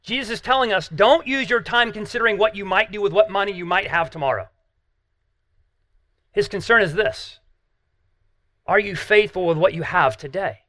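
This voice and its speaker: A man's voice: sits high, normal speed, pauses often, pushed and bright, dry recording. A man preaching a sermon as pastor, earnest and emphatic, asking the listeners rhetorical questions.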